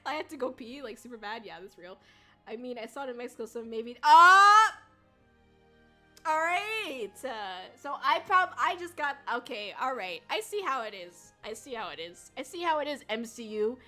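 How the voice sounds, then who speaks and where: A woman's voice: on the high side, lively intonation, fairly quick, sharp tone, soft background music. A woman streaming as a VTuber, chatting casually in a rambling way, swearing and laughing often. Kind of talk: casual livestream chat.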